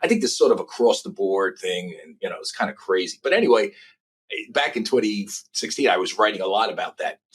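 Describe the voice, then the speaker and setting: A middle-aged man, telling profane, lively anecdotes as a journalist guest in a casual interview. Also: lowish voice, fairly quick, breathy edge. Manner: animated, profane anecdotes with impressions.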